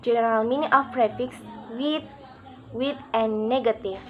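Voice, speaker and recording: A woman reading out a pronunciation lesson, halting and word by word with pauses. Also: a little high, steady tone, narrow, tinny audio.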